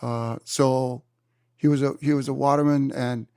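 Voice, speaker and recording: A man in his seventies from Hawaii, an interview guest telling surf stories in an animated way and acting out his own exclamations. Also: medium pitch, moderate pace, smooth, no room sound, studio quality. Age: 70s. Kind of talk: storytelling in a conversation. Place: room.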